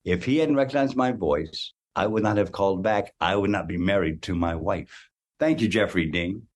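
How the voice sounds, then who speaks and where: Deep-voiced man in his sixties telling stories. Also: moderate pace. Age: 60s. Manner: animated anecdote-telling, repeats words. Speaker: guest actor. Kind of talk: casual interview storytelling.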